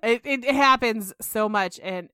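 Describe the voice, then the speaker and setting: A woman's voice: a little high, unhurried, sharp tone, clear, resonant tone, no echo, clean studio sound. A young adult woman co-hosting a podcast in casual chat, rambling with lots of "like" and laughing. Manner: chatty, laughing, rambling with many "like"s. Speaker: podcast co-host.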